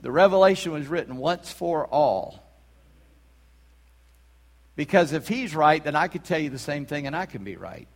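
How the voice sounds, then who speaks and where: A man preaching in a church, his voice pitched high for a man. He talks like he's chatting with the congregation, throwing out rhetorical questions with emphasis, and his words ring out in a long church reverb. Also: expressive, moderate pace, pauses often. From South Carolina. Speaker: pastor. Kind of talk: sermon. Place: church sanctuary.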